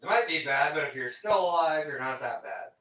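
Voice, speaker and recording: Canadian guy on a livestream, chatty, lots of ums and uhs, bright voice that jumps around. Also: fairly high pitch, animated, fairly quick, highs cut off, slight background noise. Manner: rambling and joking with frequent fillers. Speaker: livestream host reading chat. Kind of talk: casual livestream chat.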